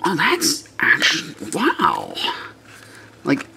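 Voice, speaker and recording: Excitable man for casual unboxing narration, unhurried, prone to muttered asides and cursing. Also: fairly high pitch, vocal fry, a little hiss or hum. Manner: excitable, gushing, swearing, mumbled asides. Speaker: toy unboxing vlogger.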